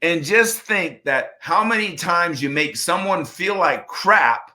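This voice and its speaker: A man's voice: high voice, expressive, slow, bright, forceful tone. A man in his fifties from the United States, telling a personal story in an interview with earnest emphasis and acted-out dialogue. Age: 50s. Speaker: interview guest, former baseball pitcher.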